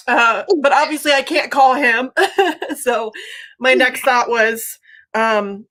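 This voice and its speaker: A woman hosts a casual livestream while sick and on the edge of tears. Her voice is bright and sits fairly high. She swears freely and talks in halting bursts full of fillers. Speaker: livestream host.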